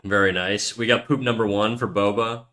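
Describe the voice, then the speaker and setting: A man streaming while he draws, chatting casually and teasing, dropping into quiet mumbled asides between jokes. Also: on the low side, fairly even intonation, normal speed. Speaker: livestreaming artist.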